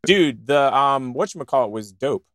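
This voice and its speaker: A man in the middle of casual show banter, excitable and jokey, rambling from one thought to the next. His voice sits at an everyday pitch and sounds dry and close, with no room around it. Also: moderate pace, no echo. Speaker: co-host of a podcast show.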